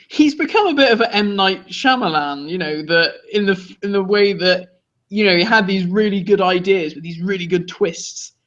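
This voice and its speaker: A lively man swinging his pitch all over as he chats about a show he's annoyed by, quick to laugh. The recording is dull and lo-fi. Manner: animated, laughs often, indignant. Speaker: co-host. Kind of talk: casual review chat.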